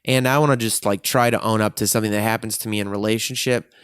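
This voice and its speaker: Frank, smooth-voiced man vlogging. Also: lowish voice, steady tone, fast talker, fairly bright tone, no echo, studio quality. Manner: frank and profane, emotionally intense self-reflection. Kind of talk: candid personal monologue.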